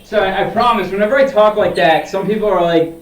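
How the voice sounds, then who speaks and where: A man's voice: high-pitched, fast talker, a little hiss or hum. A man streaming his golf simulator round, talking casually to himself and swearing bluntly as he urges his shots on. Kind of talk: casual live-stream self-talk. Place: indoor golf simulator bay. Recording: echoey room, distant mic.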